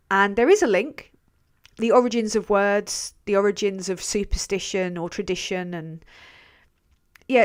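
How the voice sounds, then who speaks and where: A young English woman chats loosely on her livestream. She drifts from topic to topic, swears without a second thought and laughs easily while she answers her viewers. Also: mid-range voice. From England. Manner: swears freely, rambling, laughs often. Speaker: channel host reading live chat. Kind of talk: casual livestream chat.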